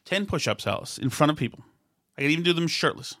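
A man's voice: on the high side, lively intonation, fast talker, a bit bright, no room sound, clean studio sound. A man hosting a talk show, joking and teasing his co-host. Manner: teasing, playful. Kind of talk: casual banter and hosting.

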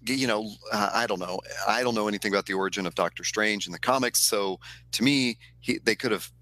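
A man co-hosting a casual podcast, who talks in a hesitant, halting way. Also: fairly low pitch, pushed and bright, a little hiss or hum. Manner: hesitant, halting, laughs often. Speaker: podcast co-host. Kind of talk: casual chat about movies.

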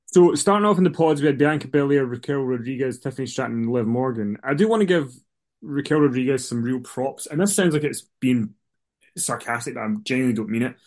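A man's voice: mid-range voice, expressive, fast, darkish tone. Chatty man rambling on a podcast. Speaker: podcast co-host. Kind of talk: casual chat.

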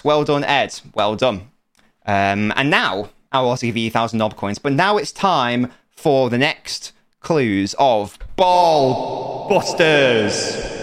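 A man's voice: medium pitch, a bit bright, smooth. A young man hosting a podcast quiz segment in a casual, playful, teasing way, often laughing. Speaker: podcast host running a quiz.

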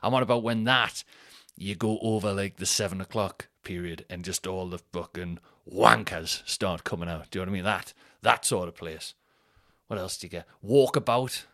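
A man's voice: deep voice, moderate pace, dry recording, studio quality. A man, rambling and swearing through a casual solo podcast chat. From North East England. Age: 30s. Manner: rambling and sweary, thinks out loud. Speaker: podcast host.

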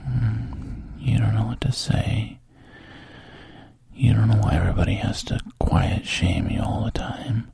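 A male narrator whispers a role-play story straight to the listener, speaking in second person with a soft, intimate manner. His low voice is gravelly and very breathy, slow and dark, recorded close to a dry mic with no room sound.

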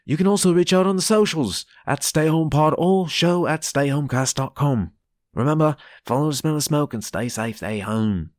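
A man's voice: on the high side, moderate pace, no room sound, clean studio sound. A man hosting a podcast, giving a playful, casual intro. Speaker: podcast host.

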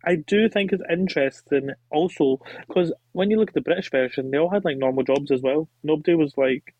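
A man guesting on a podcast, chatting in an animated, gushing way and acting out his own reactions. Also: fairly high pitch, a little fast, dry recording. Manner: animated, gushing, quotes himself with little gasps. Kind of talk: casual chat. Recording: dull lo-fi mic.

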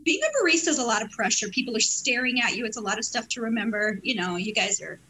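Bubbly high-voiced chatty woman. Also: expressive, fast talker, sharp tone, rough recording. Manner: bubbly, laughing, rambling. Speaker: guest. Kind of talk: lively casual chat.

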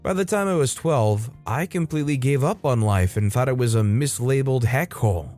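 A man narrating online revenge stories in a scripted, expressive reading style. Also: medium pitch, a little fast. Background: faint background music.

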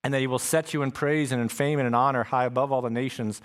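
A man's voice: medium pitch, steady tone, fast. A male pastor preaching a sermon in a church, conversational and repeating key phrases for emphasis. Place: church sanctuary with congregation.

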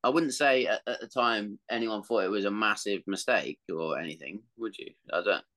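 A man co-hosting a football podcast, chatting casually and expressively, with some swearing. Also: brisk. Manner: expressive, swearing, swings up and down in pitch. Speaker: podcast co-host.

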